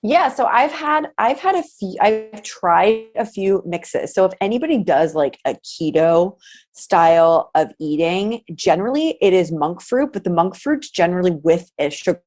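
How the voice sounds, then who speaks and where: A woman from Pennsylvania, a podcast guest, chatting in a lively, informative way. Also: lowish voice, moderate pace. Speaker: podcast guest, nutritional therapy practitioner. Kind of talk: casual podcast chat.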